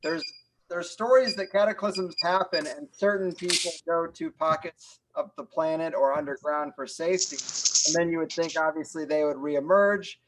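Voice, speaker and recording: Podcast host guy, kinda high voice, mostly just mm-hmm and yeah. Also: moderate pace, slight background noise, rough recording. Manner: mostly short agreeing replies. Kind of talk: casual podcast chat.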